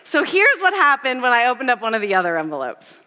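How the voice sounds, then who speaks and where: A woman with a high, bright voice gives a lively, self-deprecating sermon full of stories. Her words ring out with a long hall reverb behind them. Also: fast talker. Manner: animated, self-deprecating storytelling. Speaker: church speaker. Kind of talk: storytelling sermon.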